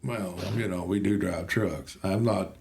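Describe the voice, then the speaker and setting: A man chatting casually on a podcast, relaxed and plain-spoken. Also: sits low, a little slow. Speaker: podcast host. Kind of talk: casual chat.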